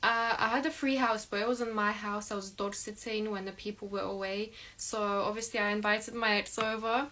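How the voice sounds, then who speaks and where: A woman's voice: medium pitch, steady tone, moderate pace, few pauses, pushed and bright. A young woman telling a personal story in a casual, rambling way, filling her speech with "like". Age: young adult. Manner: chatty, rambling, heavy use of "like".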